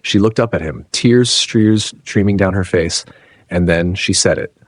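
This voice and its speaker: A man narrating a dramatic story in a slow, suspenseful delivery. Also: deep voice, no room sound.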